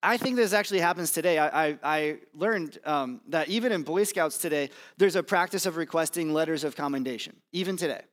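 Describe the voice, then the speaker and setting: A man preaching a sermon to his congregation in a conversational, self-deprecating way, with fillers and pauses. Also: a little high. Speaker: pastor. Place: church campus.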